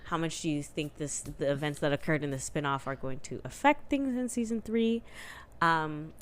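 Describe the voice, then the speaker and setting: A woman's voice: low voice, normal speed. A woman co-hosting a podcast, gushing and ranting in casual chat about a TV series, full of "like" fillers. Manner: gushing and animated, rants, many "like" fillers. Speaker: podcast co-host.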